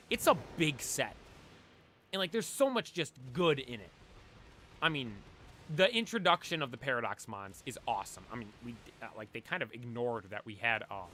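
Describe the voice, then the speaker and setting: A man's voice: medium pitch, pushed and bright, slight background noise. A man chatting casually on a live stream, rambling and talking straight to his chat. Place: cold room at home.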